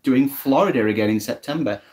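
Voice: mid-range voice, a little fast, a little mellow. A middle-aged podcast co-host, reading the live chat aloud with dry remarks, recorded in a living room. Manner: easygoing, reads out messages with dry remarks. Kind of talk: casual chat.

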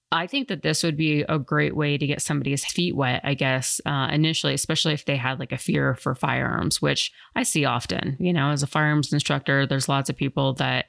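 A woman's voice: sits low, gravelly, fairly bright tone, no room sound, studio quality. A woman hosting a podcast and chatting casually, a firearms instructor who rambles with lots of fillers. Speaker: podcast host.

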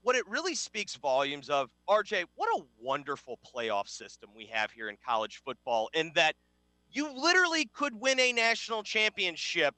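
A man's voice: on the high side, huge pitch swings, normal speed, pushed and bright, no echo. A man co-hosting a casual sports talk show, wry and sarcastic, rambling through his points. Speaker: sports radio co-host.

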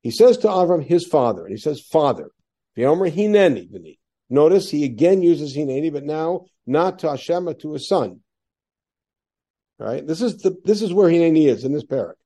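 A mellow, slightly high male voice leads a classroom lesson on a biblical text, reading Hebrew verses aloud. His explanations come in the form of rhetorical questions.

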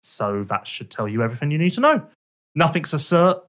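A man's voice: fairly high pitch, big pitch swings, a little fast, fairly bright tone. A young man co-hosting a podcast, reading out listener questions and answering with dry, teasing asides. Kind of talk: casual chat.

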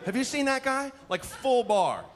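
Animated stand-up comic man, lively pitch. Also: normal speed. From Portland, USA. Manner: animated storytelling, acts out characters, swears. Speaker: stand-up comedian. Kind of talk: stand-up comedy set. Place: comedy club stage.

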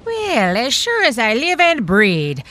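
A woman's voice: on the high side, huge pitch swings, slow pace, fairly bright tone, full character voice. A woman voicing a stern nun, sarcastic and scolding. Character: stern scolding Irish nun, sharp-tongued.

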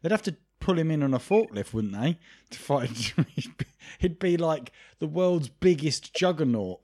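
A man's voice: a little high, expressive, measured pace, darkish tone. A man co-hosting a casual podcast, jokey and a little hesitant as he thinks aloud. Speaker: podcast co-host. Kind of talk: casual chat.

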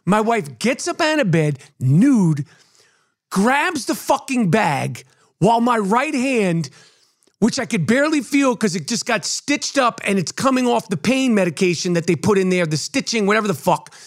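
A man tells a comic story on his podcast, swearing freely. His voice sits high and swings widely as he acts out the people in it. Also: sing-song, moderate pace. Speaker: podcast host.

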